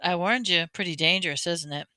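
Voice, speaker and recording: A woman's voice: on the low side, a little fast, bright, forceful tone, no echo. A woman reading aloud, voicing a kindly, teasing older man who talks folksy and calls the boy "bud". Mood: mock serious. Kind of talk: audiobook reading.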